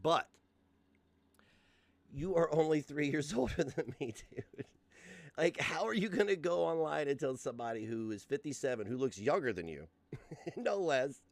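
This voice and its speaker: A man's voice: on the high side, lively intonation, normal speed, gravelly, long pauses, dry recording. A man in his forties rants on a casual livestream, swearing freely and mocking as he goes. His voice swings widely up and down, and it sits close and dry with no room sound. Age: 40s. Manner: profane and mocking, laughs often. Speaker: host.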